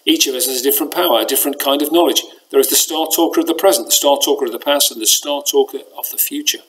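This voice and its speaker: A man voicing a frail, wise old woman who speaks for the stars, in a measured, solemn storybook reading. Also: mid-range voice, fairly bright tone, a little hiss or hum, natural voice, poor audio. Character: frail wise old female star seer.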